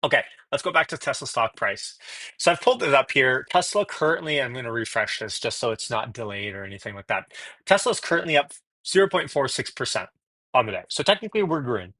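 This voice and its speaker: A man hosts a relaxed live stream from home and rattles off viewer greetings in a friendly, chatty way. His voice sits in a middle pitch. The sound is dry and close, picked up by earbuds. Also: a little fast, no room sound. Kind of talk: casual live stream chat. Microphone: wireless earbuds.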